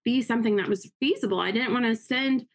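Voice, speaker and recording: A woman guest in an interview, telling her story in a quick, upbeat way and acting out quotes. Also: a little high. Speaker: interview guest, realtor and investor. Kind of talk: casual interview talk.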